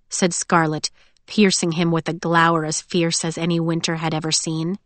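A woman narrating an audiobook in a measured, expressive reading. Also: low voice, no room sound. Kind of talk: scripted narration.

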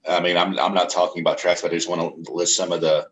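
A man's voice: low voice, flat delivery, fast, slight background noise. A man co-hosting a podcast, chatting loosely about music and swearing freely. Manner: laid-back, swears freely. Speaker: podcast co-host. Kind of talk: casual music review chat.

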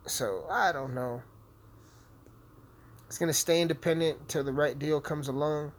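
A man's voice: a little high, measured pace, a little hiss or hum. A young man hosting a podcast, rambling brashly and swearing constantly while he plays a game. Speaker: podcast host. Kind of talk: casual profane monologue while gaming.

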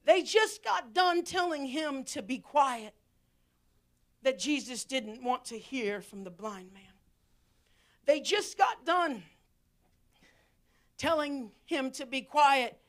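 A woman preaching a sermon, swinging from impassioned shouting to hushed, near-whispered lines. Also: high voice, slow, pauses often.

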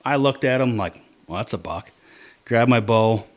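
A man telling a hunting story in casual chat, animated, dropping to low mutters to quote his own thoughts. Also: normal speed.

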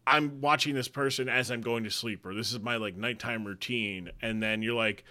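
Man, casual podcast co-host, bright voice, rambling, laughs a lot. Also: mid-range voice, steady tone, normal speed. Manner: laid-back, rambling, laughs often. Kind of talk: casual chat.

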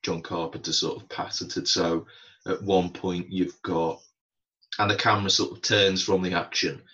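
Low guy, bright voice, chatty rambling film podcast, kinda dull lo-fi audio. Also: little pitch movement, moderate pace, breathy edge. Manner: rambling, chatty, laughs often. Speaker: podcast co-host. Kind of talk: casual film chat.

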